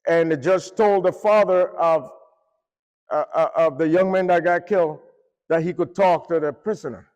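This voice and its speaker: A man with a high voice delivers a sermon, telling a story with lively swings in pitch and force. His voice rings through a church hall with a long echo. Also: moderate pace, lo-fi sound. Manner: animated, rises and falls in pitch and force. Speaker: preacher.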